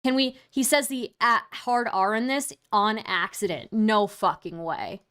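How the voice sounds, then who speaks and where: A woman's voice: mid-range voice, measured pace, fairly bright tone, smooth. A young woman streaming, reacting to clips in casual commentary, sarcastic and exasperated, swearing freely.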